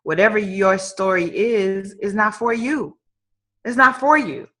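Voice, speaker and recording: A woman's voice: mid-range voice, measured pace, bright, forceful tone. A woman guest on a live-streamed talk, speaking in an emphatic, preacher-like way and repeating phrases for weight. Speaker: guest entrepreneur. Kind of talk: motivational conversation. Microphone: online live stream.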